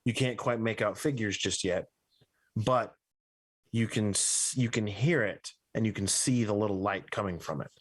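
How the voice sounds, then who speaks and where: A man's voice: fairly low pitch, normal speed, slightly rough. A man narrating a tabletop game as game master, rambling and correcting himself with frequent fillers.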